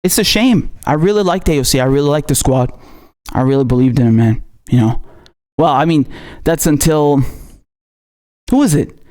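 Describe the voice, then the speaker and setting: In a furious political rant, a male commentator curses constantly and ridicules his targets through sarcastic imitation quotes. He speaks at a normal speed but pauses often, and his slightly high voice has a mellow quality.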